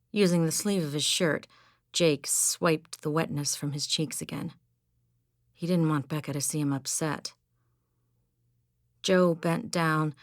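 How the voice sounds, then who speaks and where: A woman narrating an audiobook in a measured, even storytelling manner on a close studio mic. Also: low voice, no echo. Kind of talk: scripted narration.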